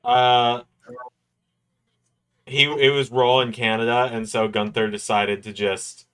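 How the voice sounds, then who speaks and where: A man's voice: mid-range voice, level tone, takes it slowly, a bit bright, clear, resonant tone. A man hosting a wrestling watch-along livestream, chatting casually and explaining at length.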